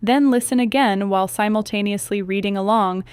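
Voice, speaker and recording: A woman reading a scripted English listening lesson in an even, measured way. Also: medium pitch, clean tone, no echo. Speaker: English teacher. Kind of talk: scripted narration.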